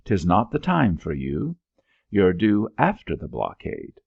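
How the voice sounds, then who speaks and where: A weary old widowed landlady, sharp-tongued and nagging, as a man reads her lines. The voice is deep and gravelly with a husky edge. It comes through a dull, lo-fi recording. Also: wildly swooping pitch, measured pace, no echo, exaggerated voice. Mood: scolding.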